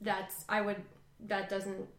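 A woman's voice: mid-range voice, monotone, slow, echoey room. A woman chatting casually about dating, reflective and hesitant, often correcting herself. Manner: reflective, hesitant, self-critical.

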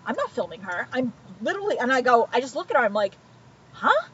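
A woman's voice: on the high side, very fast, breathy edge, no room sound. A woman co-hosting a podcast, telling a story with lots of acted-out quotes and casual swearing. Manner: animated storyteller, acts out quotes, swears freely. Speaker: podcast co-host. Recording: dull lo-fi podcast audio with faint noise.

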